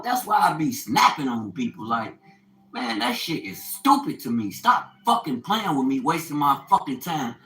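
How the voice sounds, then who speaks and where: A man's voice: fairly high pitch, big pitch swings, normal speed, bright, forceful tone, echoey room, faint music behind, poor audio. An older man in an unscripted monologue, ranting in a profane, preachy way and quoting scripture with fire. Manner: quotes scripture, fiery preaching tone. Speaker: vlogger.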